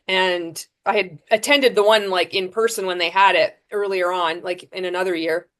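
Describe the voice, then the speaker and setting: A woman guest on a podcast, telling her story frankly, with lively restarts and fillers. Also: lowish voice, normal speed. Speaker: podcast guest, former MLM seller. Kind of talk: candid storytelling interview.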